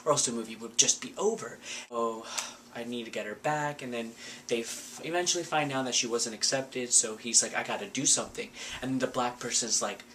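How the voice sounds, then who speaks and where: A man's voice: medium pitch, bright, forceful tone, a little hiss or hum. A man giving a casual, sarcastic recap of a movie, full of filler words. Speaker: vlogger.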